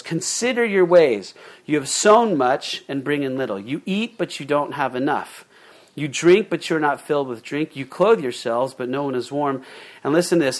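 A male pastor preaching a sermon in a conversational way, reading scripture and then retelling it in plain, casual words with fillers and restarts. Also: on the high side. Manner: reads scripture aloud, then paraphrases it informally.

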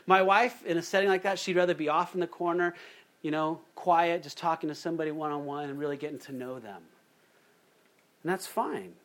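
Preaching a sermon, a middle-aged pastor speaks with a voice that sits notably high for a man. He tells stories with energy, shifting into different voices to act out the quotes he relates.

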